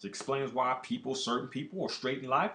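A show host launches into a brash, boastful, profane rant, his medium-pitched voice brisk, bright and forceful. The monologue is recorded in an echoey room.

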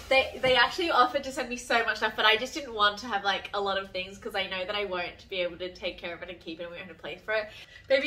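A woman, chatting softly in a home vlog, reading fan mail, a little emotional with a runny nose, with sudden bursts of excitement. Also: medium pitch. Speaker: vlogger. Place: home studio, indoors. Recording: distant mic, faint background noise.

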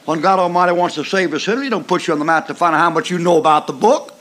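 An older man with a drawl, delivering a sermon in a rough, folksy style. His voice sits a little high for a man, and he drives his points home with emphatic repeats and mocking asides. Every so often he lets out a dry chuckle. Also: fairly even intonation, racing, fairly bright tone, slight background noise. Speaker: preacher.

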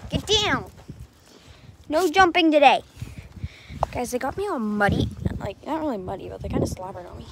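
A woman chatting casually to camera outdoors, often telling her dogs to get down. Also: high-pitched. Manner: chatty, scolding dogs between remarks. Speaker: vlogger. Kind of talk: casual vlog talk to camera. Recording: loud wind and background noise.

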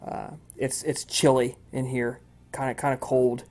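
A man's voice: medium pitch, little pitch movement, measured pace, darkish tone. A man narrating as game master of a tabletop role-playing game, with frequent ums and uhs.

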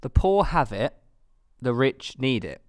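A man's voice: mid-range voice, very animated, unhurried, dry recording, studio quality. A man co-hosting a casual podcast, quizzical and full of questions. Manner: quizzical, asks lots of questions.

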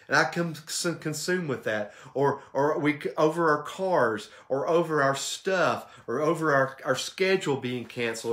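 A man teaching a church Bible study in a conversational way, often checking in with his listeners and acting out the quoted lines. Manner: conversational, checks in with "okay?" and "right?"; animated, acts out quotes with shifts in pitch.

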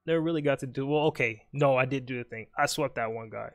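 A man's voice: medium pitch, soft background music. A young man casually commenting on his own live game, joking and talking to his opponent. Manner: joking, talks to the opponent, quick mutters. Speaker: streamer.

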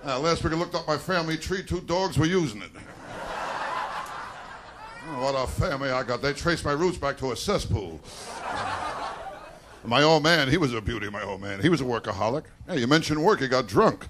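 A male stand-up comedian delivering rapid self-deprecating one-liners on a nightclub stage, often breaking in with "I tell you.". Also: mid-range voice, lively intonation. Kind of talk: live stand-up routine. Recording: noisy live club recording with crowd. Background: audience laughter and applause.

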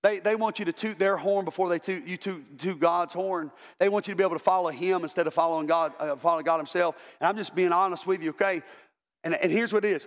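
A man's voice: high voice, fast talker, in a large hall. A male pastor preaching an impassioned sermon, repeating words as he builds to emphatic calls. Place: church sanctuary.

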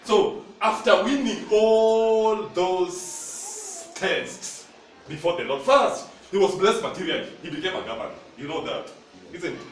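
Recorded in an echoing church hall with a far-off mic and slight background noise, a man gives a sermon in a Kenyan accent. He mixes Swahili and English and calls out to the congregation. His voice is high with lively intonation, and he speaks a little slowly.

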